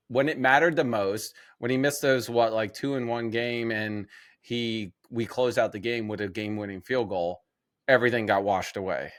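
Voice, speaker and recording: A man's voice: medium pitch, fairly bright tone, no echo, studio quality. A man co-hosting a sports podcast in casual chat, jokey and steering the topics, often restarting his sentences. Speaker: podcast co-host.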